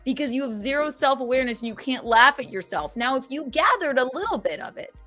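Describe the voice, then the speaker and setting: A woman hosting a casual livestream podcast, reading super chats aloud and venting sarcastically, swearing freely and swinging from loud outbursts to low mutters. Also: lively intonation, fast talker, soft background music. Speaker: streamer and podcast host.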